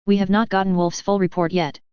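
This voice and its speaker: An audiobook narrator reading a first-person story in a steady, even manner, recorded with a slightly muffled sound. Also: mid-range voice, fairly quick, clear, resonant tone, dry recording.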